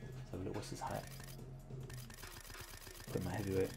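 A man with a British accent giving casual commentary while he plays a video game. He is chatty, then drops into quiet muttering while he concentrates. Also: low-pitched, completely flat delivery, moderate pace, vocal fry, faint music behind. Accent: British English. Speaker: gaming streamer.

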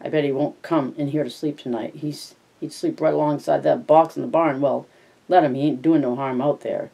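A man reading a calm, steady ranch hand whose word counts. He speaks measured and unhurried, with a dark, mellow tone. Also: fairly high pitch, gravelly, slightly rough.

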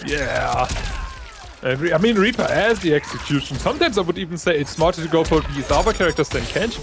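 A man co-commentating a fighting-game match live, breaking down plays with excitable analysis. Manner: excitable analysis, jumps in pitch. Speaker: esports co-commentator. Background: game music.

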